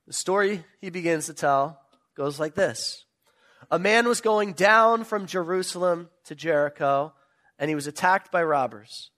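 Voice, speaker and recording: Animated male preacher, slightly high voice. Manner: animated storytelling, emphatic questions. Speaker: pastor. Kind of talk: sermon.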